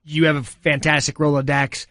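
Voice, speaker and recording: A man chatting on a podcast in a studio, telling stories with lively energy and laughing often. His voice sits a little high. The sound is close and dry. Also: moderate pace, no room sound. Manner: animated storyteller, laughs often. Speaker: podcast co-host. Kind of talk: casual podcast chat.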